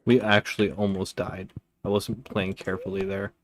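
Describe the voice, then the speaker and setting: A man's voice: low voice, flat delivery, moderate pace, slight background noise. A man giving laid-back, chatty commentary while playing a video game, talking to himself as he goes. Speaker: gaming video creator. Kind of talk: casual gameplay commentary. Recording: game music playing behind.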